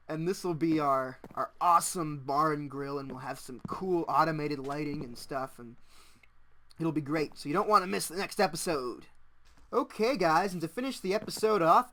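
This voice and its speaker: A young man chatting casually as he narrates his own gameplay, excitable and quick to laugh. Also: on the high side. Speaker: gaming channel host. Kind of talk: casual let's-play commentary.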